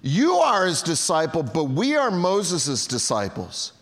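A man's voice: a little high, wildly swooping pitch, measured pace, fairly bright tone, exaggerated voice. A man voicing indignant religious leaders who scold in a haughty tone, in a reverberant hall.

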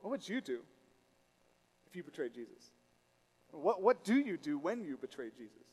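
A pastor with a notably high voice preaches at a moderate pace with a breathy edge. He tells stories using animated quoted voices, then drops to a quiet, intimate tone when he grows reflective.

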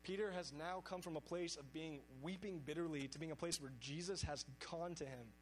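Earnest preacher man, slightly high voice. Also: a little fast, soft background music, poor audio. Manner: earnest, reads scripture aloud with emphasis. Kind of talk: sermon.

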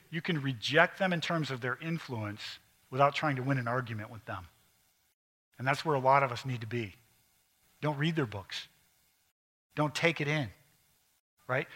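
Middle-aged guy preaching, bright higher voice, punchy then goes quiet and intense. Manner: emphatic preaching, drops to quiet intense asides. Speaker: pastor. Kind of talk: sermon.

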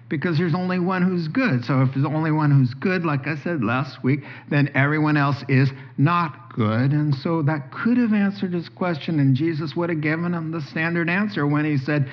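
A man preaching a sermon, telling the story in a lively way and acting out the dialogue. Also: on the high side. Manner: animated storytelling, acts out dialogue. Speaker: pastor. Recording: dull lo-fi sound.

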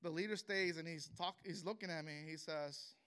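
In this emotional spoken testimony, a young man with a bright, high, clear and resonant voice talks about his own experience. He is earnest and full of feeling, halting often and restarting sentences partway through.

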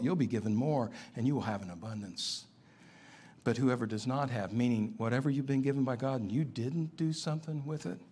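A man preaching a sermon, emphatic and building to animated climaxes. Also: mid-range voice. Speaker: pastor.

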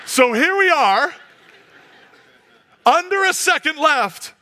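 A man preaching a sermon, telling a comic story as an animated storyteller who drops to a hush for effect. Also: very high voice, slow pace.

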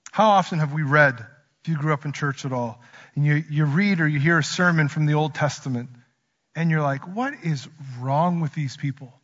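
A male pastor preaching a sermon, swinging from quiet slow emphasis to loud, urgent rises. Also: fairly high pitch. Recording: dull audio with long hall reverb.

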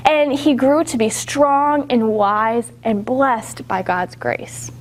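A woman with a high, bright voice tells a Bible story to young children. She keeps it animated and upbeat and keeps asking them to act along. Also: slow pace. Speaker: children's church teacher.

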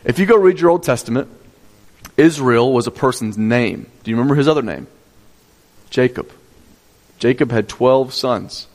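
A man's voice: medium pitch, lively intonation, normal speed, long pauses, darkish tone, long reverb tail. A male pastor preaching a sermon, teaching step by step, repeating key points and asking the congregation questions.

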